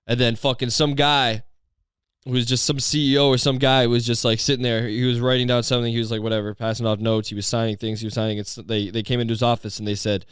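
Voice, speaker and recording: A man's voice: mid-range voice, steady tone, fast talker, a bit bright, smooth, dry recording, studio quality. A young man rambling through a profane comedic monologue as a podcast host, full of fillers and restarts.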